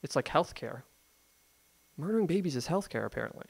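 A pastor preaching a sermon in a conversational, emphatic way, full of rhetorical questions. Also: male voice, on the high side, lively intonation, brisk, creaky.

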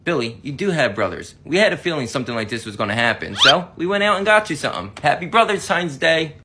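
A laid-back, sarcastic teenage brother in a comedy skit, talking in a deadpan way. The voice is pitched far below her own and sounds deep. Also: fast, very noisy.

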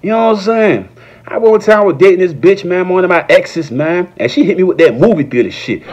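A man doing a profane, rambling comedy rant that jumps into high, shouted quotes. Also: expressive, fairly quick, muffled recording, slight background noise. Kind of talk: stand-up style comedy rant.

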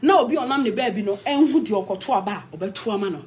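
A woman's voice: medium pitch, lively intonation, brisk, darkish tone. A woman with a Ghanaian accent, an actress, delivering a confrontational, scolding rant. She switches between English and Twi. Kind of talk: heated social media rant.

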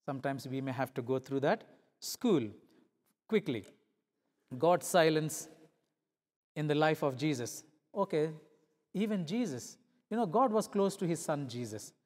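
High-voiced preacher in a reverberant hall. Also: male voice, expressive, measured pace, pauses often. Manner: swings between loud emphatic peaks and hushed low passages; asks the congregation rhetorical questions. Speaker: visiting pastor. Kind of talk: sermon.

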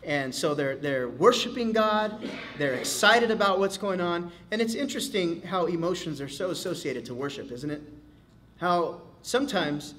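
Man, pastor, bible study teaching, lively and casual, fairly high voice. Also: moderate pace, slight background noise. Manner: animated, casual, acts out quotes, many fillers.

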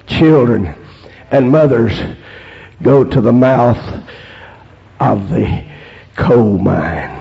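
Male holiness preacher, slow and sing-song. Peppers every line with "amen". Lo-fi recording. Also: medium pitch, creaky. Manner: punctuates phrases with "amen", swings between hushed storytelling and shouted climaxes. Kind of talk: holiness sermon. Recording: dull lo-fi sermon recording.

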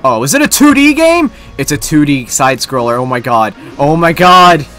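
Gushing, excited male gamer. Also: a little high, normal speed, faint music behind. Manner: gushing, exclamatory, loud bursts. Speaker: let's-play gamer. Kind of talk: excited gameplay commentary.

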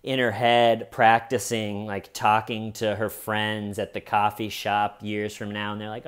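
Wry, animated male true crime commentator. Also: on the low side, unhurried, few pauses, clean tone. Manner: animated, conversational, slips into quoting people; wry, dark humor. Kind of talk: casual video commentary.

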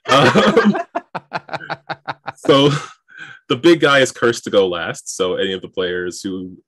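A man's voice: mid-range voice, sing-song, takes it slowly, a bit bright, no echo. A man acting as game master for a tabletop game, explaining rules and laughing along with his players.

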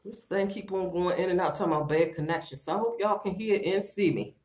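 A middle-aged woman chatting on a casual livestream, loud and playful, breaking into laughter and talking straight to her viewers while she does her hair at home. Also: on the low side, fast. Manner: slangy and animated, talks straight to viewers. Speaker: vlogger doing a livestream.

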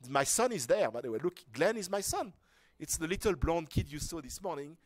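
A man's voice: fairly high pitch, expressive, a little fast, no echo. A man giving an informal lecture to a workshop class, talking casually with restarts and asides. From France. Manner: conversational, rambling with restarts and rhetorical questions.

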